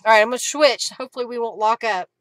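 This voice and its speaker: A woman's voice: on the high side, quick pace, no echo. A woman hosting a casual craft live stream from her home craft room, chatting and thinking aloud as she works.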